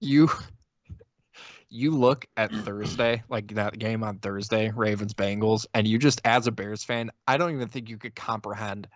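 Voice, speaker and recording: A man's voice: lowish voice, moderate pace, no echo, muffled recording. A man co-hosting a casual sports podcast, talking in exasperated rants full of stammering restarts. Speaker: podcast co-host.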